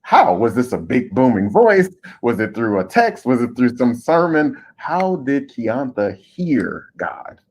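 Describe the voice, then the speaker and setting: A man hosting an interview, asking measured, probing questions. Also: medium pitch, very animated, a little mellow. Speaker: host.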